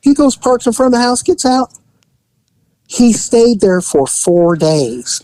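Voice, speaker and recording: Animated male storyteller, dry sound. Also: very high voice, unhurried, no echo, low-quality recording. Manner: animated storyteller who acts out the people in his story. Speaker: podcast host and former police officer. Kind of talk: casual storytelling.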